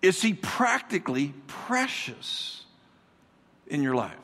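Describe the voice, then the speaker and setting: A man's voice: a little high, sing-song, slow, sharp tone, in a large hall, slight background noise. A man giving a sermon as a guest pastor in a large church, speaking energetically, repeating words and calling on the congregation to answer back.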